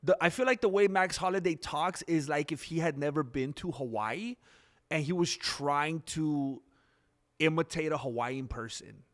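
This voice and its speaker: A man with a fairly high voice hosting a loose, casual livestream. He rambles, reacts to the chat as he goes, and fills his pauses with plenty of ums. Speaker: livestream host. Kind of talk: casual live-stream chat.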